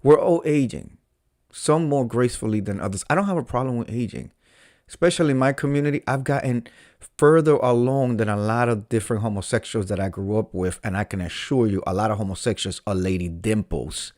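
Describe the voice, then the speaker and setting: A man's voice: on the low side, a little fast, darkish tone. A man hosting a live stream, reading chat comments aloud and giving dramatic, gossipy commentary full of catchphrases.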